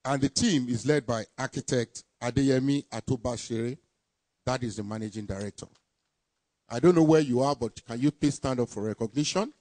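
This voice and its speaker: A man giving a formal ceremony speech, deliberately reading out names and titles. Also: mid-range voice, dark tone, no echo. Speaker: permanent secretary presenting a project team.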